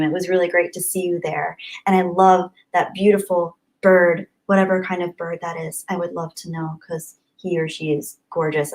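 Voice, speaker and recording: A woman chatting casually on a live stream from her home webcam setup, reading chat and greeting viewers with bubbly, gushing excitement and little gasps. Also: fairly low pitch, low-quality recording. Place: home, apartment.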